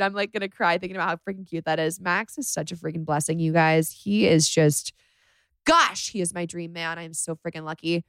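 A woman's voice: lowish voice, fairly even intonation, fairly quick, clean tone, no echo. A young woman hosting a casual solo podcast from her bedroom, confiding and chatty, saying "like" a lot. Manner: chatty, confiding, says "like" often. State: emotional after crying. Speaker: podcast host.

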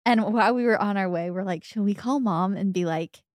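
A woman's voice: medium pitch, brisk, no echo, studio quality. A young woman co-hosting a podcast, chatting casually and acting out her mom's lines as she tells stories. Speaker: podcast co-host. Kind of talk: casual chat.

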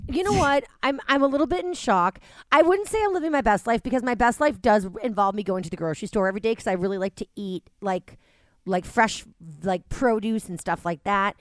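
A woman co-hosting a casual remote chat, talking in fast animated bursts with frequent laughter and swearing. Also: fairly high pitch, dry recording, clean studio sound. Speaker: podcast co-host. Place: at home, connected remotely.

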